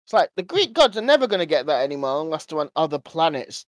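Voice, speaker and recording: A man co-hosting a casual gaming podcast with a fairly high, very lively voice that swoops up and down. He chats in an animated way and acts out other people's words. The recording is close and dry. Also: quick pace, no echo. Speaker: podcast co-host. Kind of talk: casual chat.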